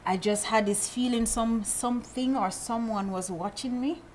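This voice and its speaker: Animated woman telling a story. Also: fairly high pitch, moderate pace, a little hiss or hum, rough recording. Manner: animated storyteller, repeats phrases. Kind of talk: casual storytelling chat.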